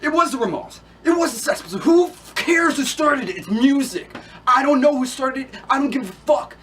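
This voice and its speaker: Man playing a young punk, loud defiant rant, high voice, rapid delivery. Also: expressive, slight background noise, lightly acted. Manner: loud, defiant ranting with profanity. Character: young male punk ranting about the punk scene. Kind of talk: reciting a film monologue.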